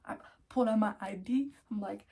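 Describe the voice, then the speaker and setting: A young woman in her twenties, telling a story in a casual vlog, animated, swearing freely and laughing often. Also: mid-range voice, fairly quick, creaky, breathy edge. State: out of breath. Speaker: vlogger.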